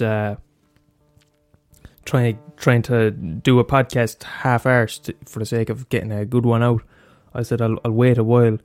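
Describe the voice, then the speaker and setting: A man talks through his solo podcast in a loose, rambling way, full of ums, restarts and cheerful swearing. His pitch sits in an ordinary middle range. Faint music plays under his voice. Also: a little mellow. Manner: loose and profane, many fillers and restarts. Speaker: podcast host.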